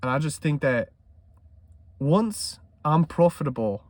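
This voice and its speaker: A man vlogging about trading in an intense monologue, swearing freely and swinging between loud emphasis and hushed talk. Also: fairly high pitch, lively intonation, a little slow, no room sound.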